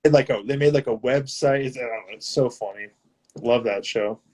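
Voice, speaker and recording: An eager man talking as a guest on a video call. He retells things with excitement and fills his speech with casual fillers. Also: medium pitch, fairly quick, husky. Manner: enthusiastic, filler-heavy retelling of sketches. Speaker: guest musician.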